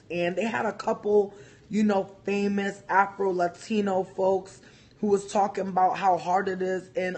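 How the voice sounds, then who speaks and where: A man giving a heated, profane opinion rant to camera as a vlogger, repeating himself as he vents. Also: high voice.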